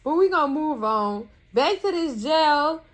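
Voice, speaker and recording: Woman, high voice, sassy recap commentary, scolding asides, casual and colloquial. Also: lively intonation, a little slow. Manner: colloquial, addresses viewers as cousins.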